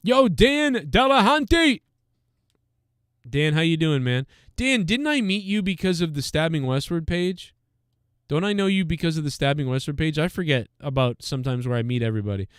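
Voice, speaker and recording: A man talking on his own live stream in a smooth, clear voice that sits a little high for a man. He rambles casually and swears freely. The sound is close and dry. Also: lively intonation, fairly quick, no echo. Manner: rambling, profane, reacts out loud.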